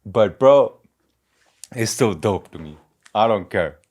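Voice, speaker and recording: A man with an Indian English accent hosting a casual music reaction, excitable, swearing and laughing often. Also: on the low side, slow, husky. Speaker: reaction video host.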